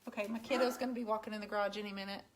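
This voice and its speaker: A woman's voice: medium pitch, fairly even intonation, very fast, slight background noise. A woman painting furniture on a live stream from her home garage, chatting and teasing her viewers as she works. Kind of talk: casual live-stream chat.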